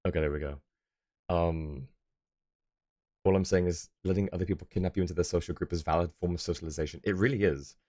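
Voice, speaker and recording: A man's voice: low voice, fairly even intonation, fast talker, darkish tone. A young man streaming live, chatting casually and rambling as he answers his viewers' messages.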